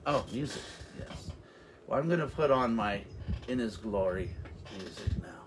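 A man's voice: medium pitch, animated, normal speed, noisy background. A man giving an informal, rambling sermon as a revival minister, with frequent restarts and interjections of praise.

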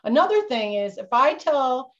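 A woman's voice: high voice, big pitch swings, moderate pace. Woman doing a nervous goofy ship captain guy, bouncy sing-song voice, muffled video-call sound. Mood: instructive. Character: bumbling male schooner captain, jittery, insists he's not cursed. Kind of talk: storytelling role-play for kids. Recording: dull lo-fi video-call audio.

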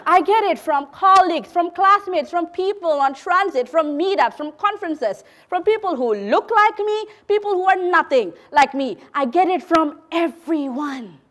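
Sarcastic woman performing a lively monologue. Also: very high voice, normal speed, few pauses. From Malaysia. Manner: sarcastic, lively, turning quiet and solemn. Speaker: spoken word performer. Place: theater stage.

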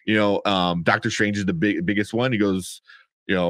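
A man's voice: fairly low pitch, big pitch swings, normal speed, a bit bright, no room sound, clean studio sound. A man co-hosting a podcast review, rambling in casual chat with lots of fillers, swearing and laughter. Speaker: podcast co-host reviewing a movie.

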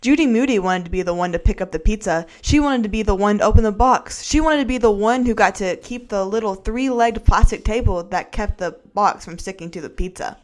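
A woman narrating a children's chapter book aloud with clear, expressive storytelling. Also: mid-range voice, a little fast, few pauses. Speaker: student narrator.

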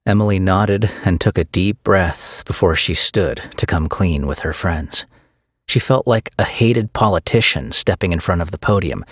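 A man with a very low, deep voice reads a novel aloud in a measured, steady storytelling manner. The recording is dry and close, with no room echo. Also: slightly rough. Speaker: audiobook narrator. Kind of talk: scripted audiobook narration.

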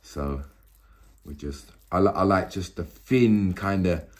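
A man's voice: sits low, takes it slowly. Laid-back man, slangy cooking vlogger. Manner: laid-back, slangy, chatty with viewers, excitable bursts. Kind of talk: casual cooking vlog chat.

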